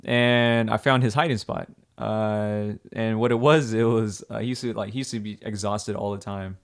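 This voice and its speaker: A young man co-hosting a podcast, telling lively work stories with lots of laughter. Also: lowish voice, moderate pace, clean tone. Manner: animated, laughing storyteller. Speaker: podcast co-host. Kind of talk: casual storytelling chat.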